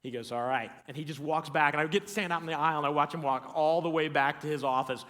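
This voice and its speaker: A man's voice: on the high side, quick pace, a bit bright. A man co-hosting a church show, telling a funny story in a casual way, acting out the other people's lines and laughing often. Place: large empty church auditorium. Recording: long hall reverb.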